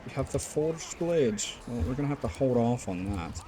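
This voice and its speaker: A man's voice: mid-range voice, lively intonation, normal speed, over music. A man giving casual, rambling gameplay commentary as host of a gaming channel, full of fillers and the odd curse. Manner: rambling, lots of fillers, occasional swearing.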